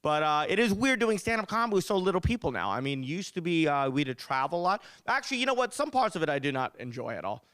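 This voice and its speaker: A young man doing a stand-up comedy set, telling animated stories with punchy delivery. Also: a little high, fast, few pauses, clear, resonant tone, no echo. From United States.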